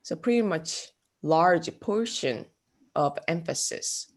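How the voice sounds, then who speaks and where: A woman giving a classroom art lecture, speaking haltingly with many fillers. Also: low voice, expressive. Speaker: art instructor.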